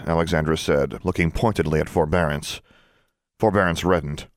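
A man reads a novel aloud in a very low, deep voice, measured and even. The recording is close and dry, with no room sound at all. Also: dry recording. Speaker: audiobook narrator. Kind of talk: scripted narration.

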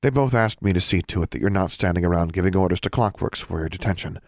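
A man's voice: low-pitched, darkish tone, dry recording, studio quality. A man doing a blunt, breezy witch custodian. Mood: brisk. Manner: brisk, breezy and casually crude. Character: large cheerful blunt female witch custodian.

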